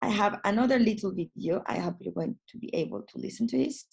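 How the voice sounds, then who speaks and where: A woman's voice: medium pitch, expressive, fast talker, creaky, dull audio. Woman trainer explaining step by step. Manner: explaining with repetition and restarts. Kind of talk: webinar lesson.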